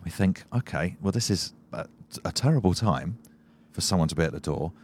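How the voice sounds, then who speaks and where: A man from England co-hosting a podcast, telling a story in a relaxed way and teasing his co-host. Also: sits low, a little fast, husky. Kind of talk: casual chat. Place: their home.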